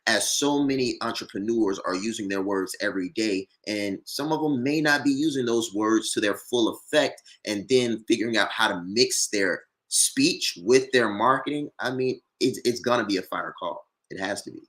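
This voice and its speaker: A man's voice: fairly low pitch, normal speed, hardly any pauses, fairly bright tone. A man, a former rapper turned entrepreneur, talking earnestly in a casual discussion, repeating words as he builds his points.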